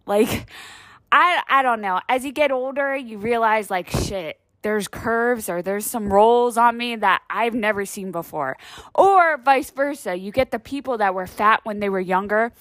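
A woman's voice: a little high, animated, moderate pace, fairly bright tone, no echo. Rambling, foul-mouthed woman vlogger. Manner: rambling, profane, heavy use of "like". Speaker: vlog host. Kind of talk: casual comedic monologue.

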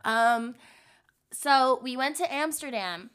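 Bright, giggly young woman chatting. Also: high-pitched, animated, takes it slowly, clear, resonant tone. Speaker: podcast co-host. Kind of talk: casual chat.

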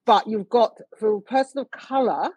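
A middle-aged woman from the United Kingdom, a motorsport official, speaking as a guest in a conversational interview in an earnest, measured way with frequent fillers. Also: on the high side, a little mellow, breathy edge, no echo, muffled recording.

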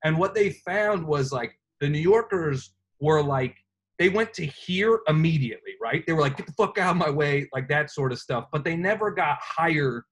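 Man explaining in a relaxed chat. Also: a little high, moderate pace, rough recording. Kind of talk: casual chat.

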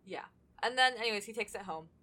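A woman's voice: mid-range voice, expressive, fast, bright, forceful tone. A woman co-hosting a podcast, reading fan fiction aloud between chatty, laughing asides and casual swearing. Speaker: podcast co-host.

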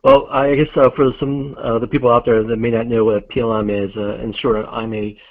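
Guest: man on a tinny phone line, friendly and relaxed interview tone. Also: mid-range voice, fairly quick. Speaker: podcast guest. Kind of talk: casual interview.

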